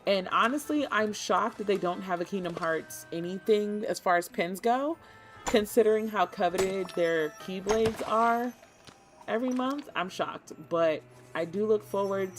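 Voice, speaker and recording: A woman streamer chatting casually and excitedly to her viewers while she plays a cozy game, often talking to the game itself. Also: medium pitch. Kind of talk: casual gaming stream chat.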